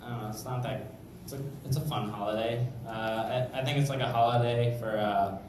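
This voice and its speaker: A man's voice: medium pitch, steady tone, fairly quick. Rambling young male stand-up comic. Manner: rambling, filler-heavy delivery. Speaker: stand-up comedian. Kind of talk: stand-up comedy set. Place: comedy club stage. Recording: echoey club room, mic from far off, noisy.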